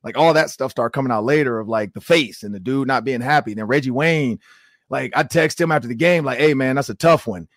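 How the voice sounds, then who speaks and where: A man's voice: mid-range voice, a little fast, no echo. Man in his 40s, chatty sports podcast host, acts out quotes, lots of "like", dry close mic. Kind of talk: casual sports chat.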